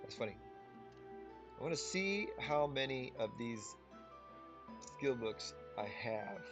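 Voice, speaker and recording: A tired, yawning game streamer chats casually with viewers as he plays through a game. His mid-range voice moves slowly but with lively intonation, and music plays in the background.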